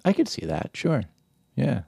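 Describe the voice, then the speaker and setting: A man's voice: mid-range voice, wildly swooping pitch, unhurried, gravelly, dark tone, slightly rough, dry recording. A man hosting a podcast interview, chatty and joking, speaking close to the microphone. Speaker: podcast host. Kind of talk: casual interview conversation.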